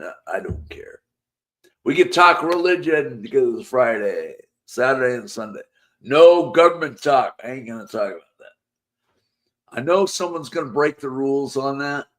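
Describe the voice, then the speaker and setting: A man's voice: medium pitch, a bit bright. A man hosting a live chat stream, rambling in a casual, joking way and humming bits of songs between comments. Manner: rambling, hums and sings snippets between chat; laid-back, joking. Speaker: live show host.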